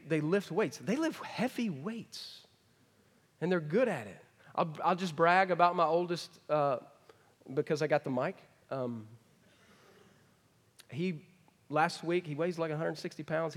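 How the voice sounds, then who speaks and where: A middle-aged man preaching a folksy sermon, swinging from emphatic to hushed. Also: on the high side. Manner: folksy, rising to emphatic then dropping to hushed. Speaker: pastor. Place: large church hall. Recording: long hall reverb. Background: congregation.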